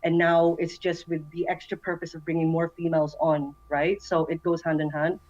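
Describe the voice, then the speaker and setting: A woman's voice: low-pitched, level tone, normal speed, darkish tone, dull audio. A woman chatting casually in an online voice meeting, enthusiastic and full of fillers. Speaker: community member introducing herself. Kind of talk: casual voice chat.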